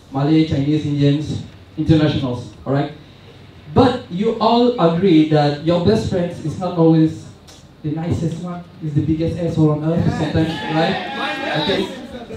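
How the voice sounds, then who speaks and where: A man's voice: a little high, a little mellow, slight background noise. A young man doing a stand-up comedy set, chatty and self-mocking, telling loose stories with many asides. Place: large event hall with audience. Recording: echoey hall recorded from far off.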